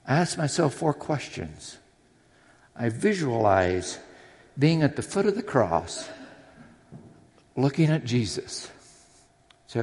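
A man's voice: mid-range voice, sing-song, unhurried, long pauses, a little mellow. A man preaching a sermon in a church, earnest and personal, with readings from scripture. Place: church sanctuary. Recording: long hall reverb.

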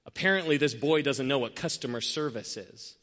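A man preaching a sermon, telling an everyday story and acting out its scenes with lively shifts in voice. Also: medium pitch, a little fast. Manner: animated, acts out scenarios with changing voices. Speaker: pastor. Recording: long hall reverb.

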